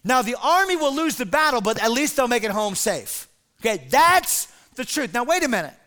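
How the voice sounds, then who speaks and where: A male pastor preaching a sermon in an animated, dramatic, conversational way. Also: very high voice, normal speed.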